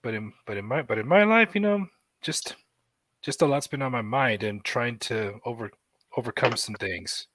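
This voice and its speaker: A man's voice: medium pitch, animated, fairly bright tone, no room sound. Hesitant man, dry close mic, keeps restarting his sentences. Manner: hesitant, halting, clears throat often. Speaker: content creator guest. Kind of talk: casual group chat.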